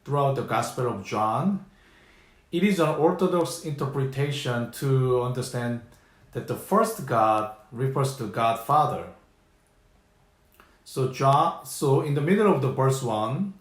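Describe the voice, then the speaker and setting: Korean-accented guy teaching bible stuff real slow, mid-pitched voice, roomy echo. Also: animated. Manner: slow, deliberate explanation, repeating key phrases. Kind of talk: scripture teaching talk.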